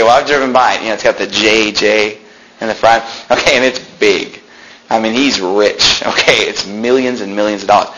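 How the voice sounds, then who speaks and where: A man's voice: mid-range voice, low-quality recording. Man preaching a conversational sermon. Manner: conversational preaching, animated outbursts and mocking quotes. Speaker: pastor. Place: church sanctuary.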